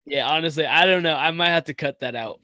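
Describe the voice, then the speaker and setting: A man's voice: fairly high pitch, fast, pushed and bright, no room sound. A man co-hosting a casual podcast, talking in a slangy, rambling way with lots of swearing and fillers. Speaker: podcast co-host.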